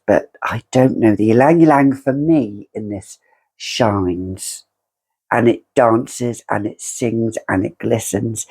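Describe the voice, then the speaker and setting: A woman's voice: a bass voice, warm tone, husky. A British woman reviewing fragrances in a casual vlog, theatrical and effusive as she gushes over scents. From Britain. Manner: theatrical and effusive, gushing descriptions.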